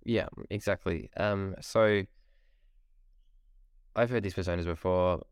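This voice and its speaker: A man hosting a podcast in casual chat, lively and prone to repeating words. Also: deep voice, slow, smooth, no echo. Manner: chatty, laughs easily, repeats words. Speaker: podcast host.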